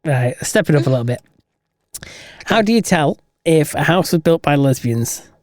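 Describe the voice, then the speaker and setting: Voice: medium pitch, normal speed, no echo, clean studio sound. A podcast co-host telling long jokes in casual chat, laughing at the punchlines. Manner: animated storyteller, laughs at own jokes.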